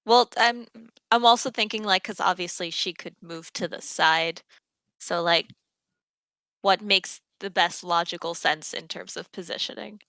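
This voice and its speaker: A young woman at a tabletop game, talking in a hesitant, thinking-aloud way. Her voice has a gravelly edge and a bright, forceful tone, recorded dry and close. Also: lowish voice, no echo. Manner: hesitant, thinking aloud with fillers and quick apologies. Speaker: player. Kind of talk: casual tabletop game chat.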